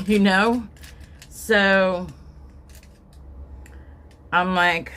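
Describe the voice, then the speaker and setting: A woman's voice: mid-range voice, steady tone, drawn-out words, pauses often, a bit bright. A middle-aged woman telling a rambling story at home while doing her makeup, acting out the quotes in a raised voice. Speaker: vlogger.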